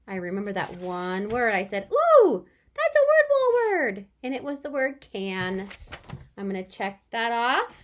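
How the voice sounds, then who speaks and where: In a fairly high-pitched voice, a young woman teacher runs a remote lesson for young children. She sounds out words and reacts with big, animated surprise.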